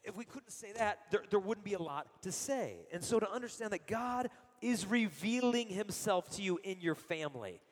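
Man, sermon, high-pitched, storytelling, acts out quotes, long hall reverb. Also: expressive, moderate pace. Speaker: speaker giving a Catholic talk. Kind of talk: sermon with personal stories.

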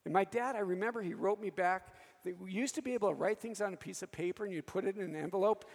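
A man's voice: high voice, quick pace, big-room sound. A priest in his fifties preaching a sermon, telling personal stories and calling to the audience for an "Amen?". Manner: storytelling, calls for "Amen?" from the audience.

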